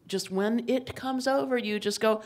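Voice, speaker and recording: A middle-aged woman author tells self-mocking comic stories in front of a live audience. She jumps between loud exclamations and quiet asides. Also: a little high, normal speed. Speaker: author and guest speaker. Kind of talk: comic storytelling on stage. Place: live talk before an audience.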